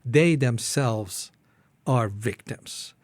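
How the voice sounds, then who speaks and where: Middle-aged Iranian-born guest, earnest halting testimony, mid-pitched voice, dry close studio sound. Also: male voice, no echo. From Iran. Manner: halting, earnest, acts out his own prayers with rising pitch. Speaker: ministry founder, guest. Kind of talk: personal testimony in an interview.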